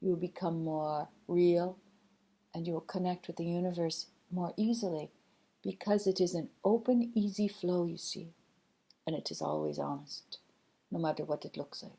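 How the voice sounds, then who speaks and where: A gentle spirit guide speaks through a woman, teaching slowly and patiently with frequent pauses. The voice sits a little low and sounds soft and mellow. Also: steady tone, vocal fry, slightly rough. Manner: slow, measured, gently instructive, many pauses. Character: collective loving spirit guide, calm and teaching. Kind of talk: channeled spiritual message.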